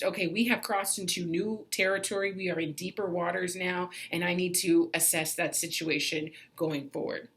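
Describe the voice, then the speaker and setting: In a self-help vlog, a woman in her forties gives casual motivational advice in a slightly bright voice. She laughs often and jumps up in pitch for emphasis.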